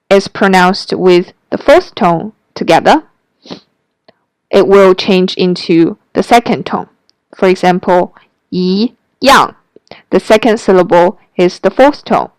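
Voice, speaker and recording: A woman teaching Mandarin tones in a careful lesson, saying each syllable slowly so the listener can repeat it. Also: medium pitch, a little mellow, smooth, dry recording. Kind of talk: slow, careful language lesson narration.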